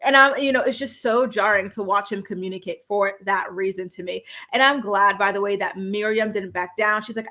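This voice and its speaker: A young woman recapping a reality show in a casual, opinionated way, indignant and animated, acting out quotes with sudden jumps in pitch. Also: brisk, hardly any pauses.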